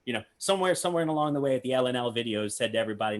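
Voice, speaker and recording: Animated man reacting to a magic clip. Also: fairly low pitch, rapid-fire, few pauses. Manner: animated, acts out quotes, searches for words. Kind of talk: casual reaction chat.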